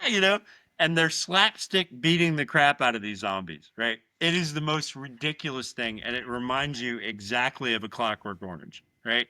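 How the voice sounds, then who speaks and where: Bright-voiced man, dry mic, animated podcast talk. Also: medium pitch, moderate pace, clean tone, no echo. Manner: animated, swears freely, retells scenes. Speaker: podcast co-host. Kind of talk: casual podcast chat.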